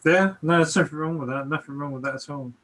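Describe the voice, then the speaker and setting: Bright-voiced man, hesitant. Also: on the high side, fast talker. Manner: hesitant, repeats words, easygoing. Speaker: guest. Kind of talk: casual online chat.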